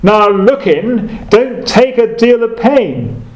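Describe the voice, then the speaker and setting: A man voicing a rustic lay preacher with a broad Essex accent, pleading slowly and emphatically. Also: high voice, expressive, pitched above the performer's own voice. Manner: slow, emphatic, repetitive pleading. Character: rustic male lay preacher exhorting loudly. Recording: echoey room.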